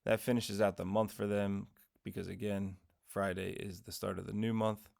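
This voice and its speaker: On his investing channel, a man rambles through a casual weekly rundown of his trades and dividends, still in his morning voice, fixing his own mistakes along the way and cracking dad jokes. His voice sits on the low side with vocal fry and a darkish tone. He talks at a normal speed with a flat delivery.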